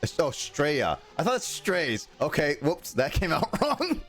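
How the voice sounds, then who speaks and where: A young man live-streams a game with faint music in the background, chatting in a rambling way, reading viewer messages out loud, and laughing often. He talks at normal speed in a slightly high, sing-song, somewhat bright voice.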